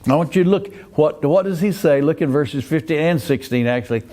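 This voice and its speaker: A man's voice: on the high side, brisk, dark tone. An older man teaching a Sunday school Bible class in a folksy way, often asking the class questions and restarting his phrases.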